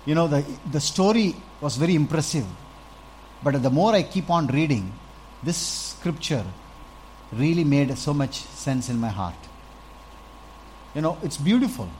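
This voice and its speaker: A man preaching a sermon with a slightly higher voice than most men. He talks in an animated way, dropping quiet and then rising loud as he acts out little scenes. A faint hiss of noise sits under the recording. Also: measured pace, long pauses, rough recording. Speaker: pastor.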